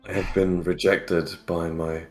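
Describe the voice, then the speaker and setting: A man's voice: low voice, level tone, measured pace, faint music behind. A man voicing a flamboyant, melodramatic male bard who grieves theatrically.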